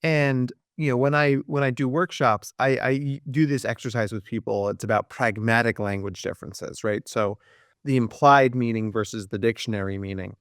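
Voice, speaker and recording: A man, a clinical psychologist, talking in a podcast interview and acting out quoted people with big jumps in pitch. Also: fairly even intonation, normal speed, fairly bright tone, clean tone, no echo, studio quality.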